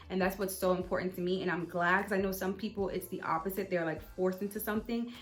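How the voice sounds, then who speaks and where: A young woman talks straight to her channel audience in a relaxed, confiding way. Her delivery is loose and chatty, full of "like" and "you know," at an ordinary middle pitch. Soft music sits quietly behind her voice. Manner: candid, chatty, with many fillers. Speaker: channel host. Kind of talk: casual faith-based vlog talk.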